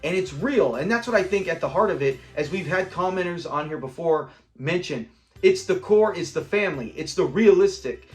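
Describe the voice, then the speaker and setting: A man hosts a casual breakdown of a classic sitcom episode. He talks with enthusiasm in a fairly high voice and slips into the characters as he quotes them. Soft music plays underneath. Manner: enthusiastic, acts out quoted lines. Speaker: show host.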